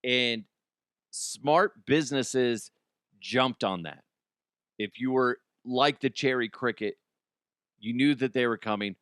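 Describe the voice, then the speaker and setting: A man's voice: slow pace, pauses often, fairly bright tone, clean tone, no room sound, clean studio sound. A middle-aged man hosting a comedy podcast, reading ads and riffing self-mockingly. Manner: self-mocking, jumps into high squeals for jokes. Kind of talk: casual comedic monologue with ad reads.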